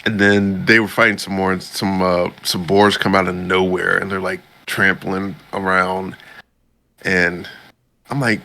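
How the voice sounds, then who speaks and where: A man casually recapping an anime episode on a podcast, often jumping into high squeaky voices to quote characters. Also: level tone, normal speed, pushed and bright. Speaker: podcast co-host.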